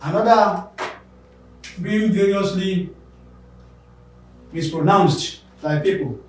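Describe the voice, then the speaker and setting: A man's voice: high voice, lively intonation, slow, long pauses, a little mellow. Man teaching word stress, echoey. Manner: repeats each word many times, contrasting wrong and right stress. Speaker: English pronunciation teacher. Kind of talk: classroom lesson. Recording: very echoey room, voice from far off.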